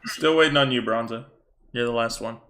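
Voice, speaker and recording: A man running a tabletop game as game master, briskly calling for rolls. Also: medium pitch, a bit bright, reverberant.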